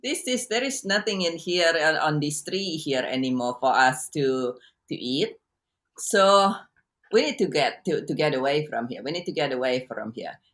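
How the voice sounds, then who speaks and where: A woman's voice: low voice, expressive, normal speed, a bit bright. A woman voicing a hungry small bird in a spoken parable, urging the flock to fly away and repeating herself. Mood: urgent. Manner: urgent, repeating itself.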